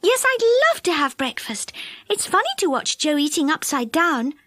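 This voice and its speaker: A dainty fairy girl, played by a woman reading aloud, speaking in a very high, sweet and polite little voice. Recorded close and dry, with no room sound. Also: very animated, normal speed, pushed and bright, dry recording, exaggerated voice. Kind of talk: storybook reading.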